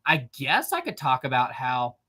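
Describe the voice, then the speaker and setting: A man's voice: mid-range voice, huge pitch swings, moderate pace, sharp tone, husky. A man hosting a casual live stream, reading viewer messages aloud, laughing often and repeating himself.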